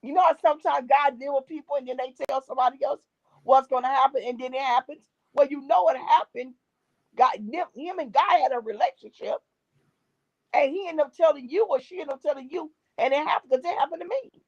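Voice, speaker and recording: A brisk, high-voiced middle-aged woman, a gospel singer and drummer, sits as a guest in a casual interview and shares her faith testimony. She sounds emphatic and preachy, repeating key phrases, on a dull, dry lo-fi recording.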